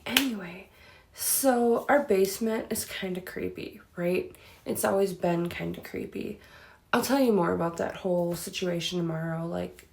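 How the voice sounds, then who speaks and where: A woman's voice: lowish voice, vocal fry, a little mellow, slight background noise. A woman hosting a spooky channel, chatting casually in a rambling way full of fillers, with an easy laugh. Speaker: host of a spooky story channel.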